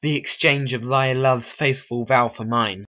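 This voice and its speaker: A man's voice: medium pitch, fairly even intonation, a little slow, bright, forceful tone. A man voicing an earnest young romantic man in a homemade stop-motion animation.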